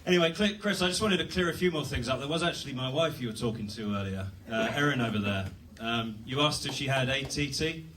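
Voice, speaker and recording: A man's voice: mid-range voice, expressive, fast talker, hardly any pauses, far from the mic, noisy background. A young British man doing a rambling, self-deprecating stand-up set at a comedy club. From Britain.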